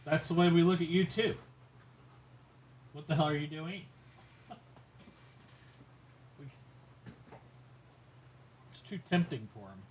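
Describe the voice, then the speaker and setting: A man's voice: on the high side, animated, slow, pauses often, a little hiss or hum. A man streaming from home, chatting casually and joking with friends on a voice call. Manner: easygoing, joking, laughs while talking. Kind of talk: casual chat over voice call. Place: home, with a pet nearby.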